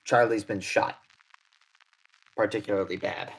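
A man's voice: lowish voice, steady tone, measured pace, vocal fry, pitched below the performer's own voice, rough recording. A man voicing a shaken young man bringing bad news, stammering and apologetic. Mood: distraught.

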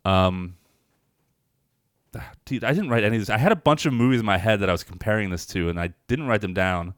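A man with a low, smooth voice chats loosely on a movie podcast, piling up fillers and casual swearing. He retells scenes with animated bursts, and the sound is close and dry. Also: fairly quick, dry recording. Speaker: podcast co-host reviewing films. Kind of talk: casual chat.

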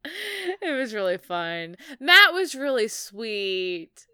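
Slow-talking bright woman. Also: on the high side, sing-song, clean tone, no echo, clean studio sound. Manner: chatty, laughs often, many restarts. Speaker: podcast co-host. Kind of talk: casual chat.

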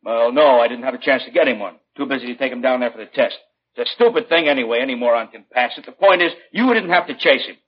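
A man's voice: mid-range voice, quick pace, breathy edge, close to an everyday voice. An actor playing a brash, defensive father who demands answers and talks over everyone, in an old radio drama. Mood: belligerent. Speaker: angry father of an injured teen. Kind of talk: 1950s radio drama acting. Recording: dull old radio broadcast.

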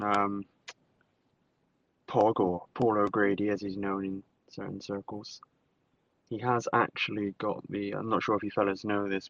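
A man's voice: fairly low pitch, no room sound, muffled recording. A man in improvised comic chat, giving rambling, mock-serious warnings.

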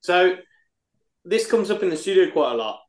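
Animated man quizzing his friends. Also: sits high, moderate pace. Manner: playful, quizzing the others. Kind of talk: casual chat.

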